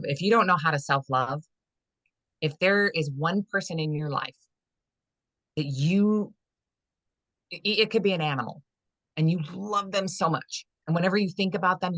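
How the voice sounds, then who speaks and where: A holistic fitness and life coach appears as a guest on a conversational podcast interview, speaking in a deep, fairly bright voice on a dry recording. She talks earnestly and rambles, using lots of "you know" fillers and acting out her inner dialogue.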